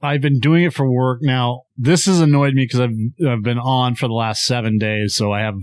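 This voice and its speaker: A young man talking easily on a podcast, laid-back and dry, with casual swearing. His voice is mid-pitched and plain. It is recorded dry, close to the mic. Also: steady tone, moderate pace, clear, resonant tone, no echo. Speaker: podcast co-host. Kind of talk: casual chat.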